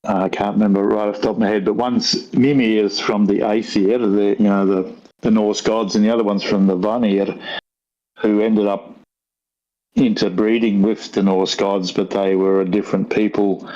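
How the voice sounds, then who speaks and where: A man's voice: on the low side, level tone, normal speed, mellow, dull audio. An older man from Australia with a broad rural Australian accent, telling rambling stories with dry humour in a casual chat. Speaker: guest.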